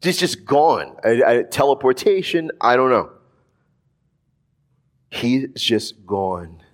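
In a slow, mid-range voice, a man preaches informally on a Bible passage, wandering into frequent asides. He stays lively and conversational, often saying "like" and "right?".

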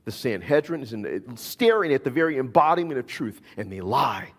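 A man's voice: mid-range voice, very animated, moderate pace, slightly rough, long reverb tail. A man preaching a sermon as pastor, emphatic and repeating his key phrases.

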